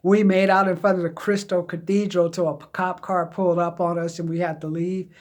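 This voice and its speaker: Here the middle-aged Southern California man sounds high and a little mellow, talking fairly quickly with little rise or fall in pitch. In casual storytelling, he wanders candidly through his own history as job-hunting advice, often lapsing into quoted voices.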